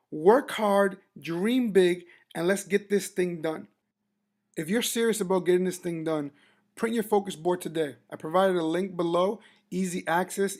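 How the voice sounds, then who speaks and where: A man's voice: high voice, gravelly, a little mellow. Male business trainer, motivational training talk, emphatic and repetitive for impact. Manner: emphatic, repeats words for impact.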